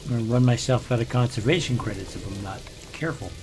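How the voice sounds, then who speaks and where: An older man talks through a game in a loose, rambling way, drifting into grumbling asides. His voice sits at an everyday middle pitch, with faint game music playing quietly behind him. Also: fast. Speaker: let's play host. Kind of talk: casual gameplay commentary.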